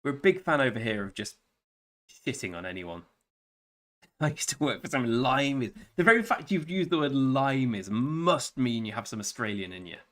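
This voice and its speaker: A man's voice: mid-range voice, expressive, normal speed, fairly bright tone. A man with an English accent chatting casually on a live gaming stream, rambling and wry as he answers viewers by name. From England. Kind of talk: casual live-stream chat while playing a strategy game.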